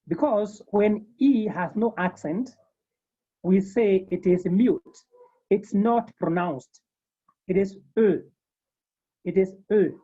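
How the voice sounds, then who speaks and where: A woman teaching a beginners' French class over a video call, slowly repeating each term several times. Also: mid-range voice, dark tone, breathy edge, dull audio. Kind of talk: online language lesson.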